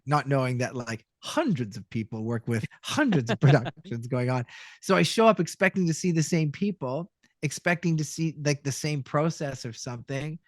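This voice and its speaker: A middle-aged man, a voice actor guest telling animated stories and acting out the people in them. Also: medium pitch, moderate pace, no echo, clean studio sound. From Canada. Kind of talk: storytelling interview.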